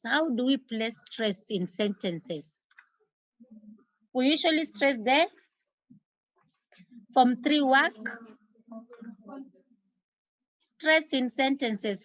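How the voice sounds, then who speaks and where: A woman teacher with a Kenyan accent giving an exam revision lesson, repeating key terms slowly for emphasis. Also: sits high, fairly bright tone, no room sound. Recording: dull lo-fi recording.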